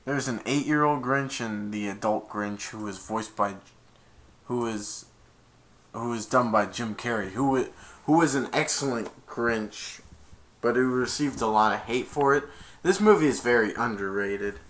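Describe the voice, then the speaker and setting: A man's voice: medium pitch, measured pace, a bit bright. A man giving a casual film review, retelling the plot in a rambling way with many restarts. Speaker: movie reviewer.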